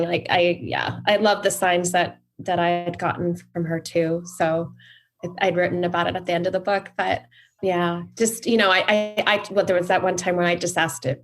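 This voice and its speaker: A woman hosting a podcast, reacting with effusive emotion and sharing her own stories. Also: fairly low pitch. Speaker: podcast host. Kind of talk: conversational interview.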